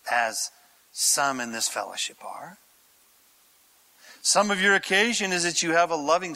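Man preaching a sermon, high lively voice, slow and dramatic. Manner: animated, theatrical, conversational preaching. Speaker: pastor.

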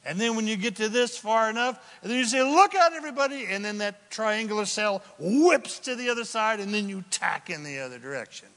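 A man preaching a sermon as pastor, swinging between loud exclamations and hushed asides. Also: high-pitched, fairly quick, few pauses. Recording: long hall reverb.

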